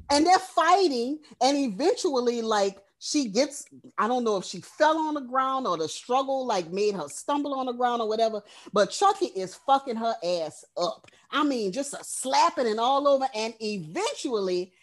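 A woman co-hosting a podcast, recapping a horror film in casual, profane storytelling. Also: sits high. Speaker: podcast co-host.

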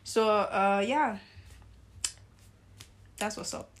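Female co-host, lively and emphatic, faint hiss behind. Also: mid-range voice, extremely slow. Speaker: podcast co-host. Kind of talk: casual faith chat.

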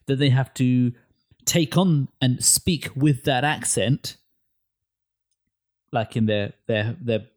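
A man co-hosting a casual film chat, opinionated and animated, often restarting his words. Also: medium pitch, slow pace, pauses often.

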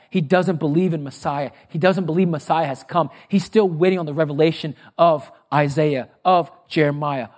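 A male pastor with a fairly high voice, preaching emphatically. He quizzes his listeners with fill-in questions, rushing through some phrases and drawing out others for weight. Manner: emphatic, with sudden bursts of speed and drawn-out phrases. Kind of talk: sermon.

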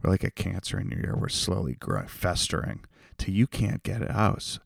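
A young man hosting a solo comedy podcast, ranting in an unhinged way that swings from creepy whispers to loud outbursts. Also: sits low, expressive, fairly quick, vocal fry, husky, no room sound, clean studio sound. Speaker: podcast host.

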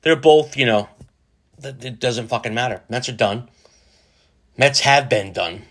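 Bright, rambling man. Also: mid-range voice, unhurried. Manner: rambling, profane, jokey, lots of restarts. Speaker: podcast host. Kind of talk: casual solo podcast monologue.

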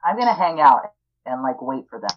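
Woman, tabletop player, laid-back, very deep voice, slow speech, dull lo-fi mic. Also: sing-song, a little hiss or hum. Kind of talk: casual tabletop play.

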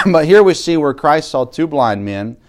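A man preaching a sermon, reading scripture aloud in King James wording and building from quiet reflection to louder emphasis. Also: fairly high pitch, huge pitch swings, takes it slowly.

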